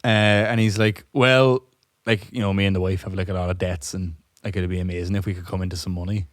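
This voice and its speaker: A man's voice: sits low, steady tone, quick pace, dry recording, clean studio sound. A hungover man casually telling a long joke with lots of swearing, laughing at his own punchlines. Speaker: podcast co-host.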